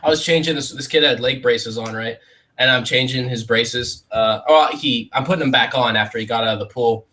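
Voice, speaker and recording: Guy on a podcast telling stories, jumps into squeaky voices for other people. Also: brisk, low-quality recording. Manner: animated, mimics others in high squeaky voices. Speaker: podcast co-host. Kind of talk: casual storytelling chat.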